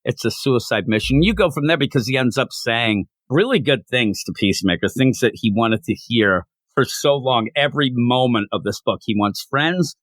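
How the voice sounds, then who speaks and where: A man in casual chat, retelling a comic book's plot and now and then acting out the characters' lines with big jumps in pitch. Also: normal speed, hardly any pauses, no room sound. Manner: animated, acts out quotes with big pitch jumps. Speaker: comic book reviewer, co-host.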